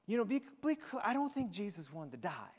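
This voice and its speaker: A high-voiced man preaching with a lively, swooping delivery as he retells scripture. His sermon rings with the long reverb of a church hall. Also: brisk. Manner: expressive storytelling, retelling scripture dramatically. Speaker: pastor. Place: church sanctuary.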